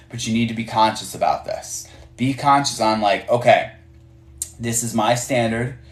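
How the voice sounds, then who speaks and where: Man coaching managers in a roomy live stream. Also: mid-range voice. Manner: conversational, many fillers and restarts, acts out dialogue. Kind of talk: casual live-stream teaching. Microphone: phone on a live stream. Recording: roomy echo.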